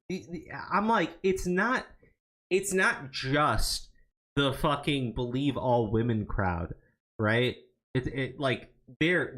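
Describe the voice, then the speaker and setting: A man riffing on a livestream, his voice rising and falling in wide swings. He stammers through restarts and swears freely as he reacts. It sounds like a desk mic on a stream. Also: fairly high pitch. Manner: animated, profane, stammering restarts. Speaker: podcast co-host. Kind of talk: casual livestream commentary.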